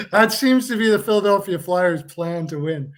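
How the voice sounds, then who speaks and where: A man hosting a live stream, reacting casually to a hockey game. He jokes, laughs a lot and swears freely. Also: high-pitched.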